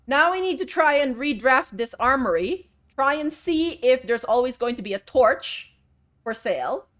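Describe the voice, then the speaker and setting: A woman's voice: high voice, expressive, moderate pace, a bit bright. A woman streaming a puzzle game live, talking to her chat as friends in a melodramatic way. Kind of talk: live-streamed gameplay commentary.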